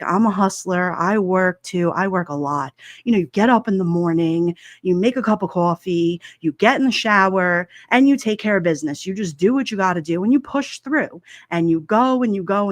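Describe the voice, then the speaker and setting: A woman's voice: fairly low pitch, no room sound, clean studio sound. A woman in her forties hosting a casual chat stream, rambling and chatty with plenty of fillers and laughter. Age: 40s. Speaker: livestream host.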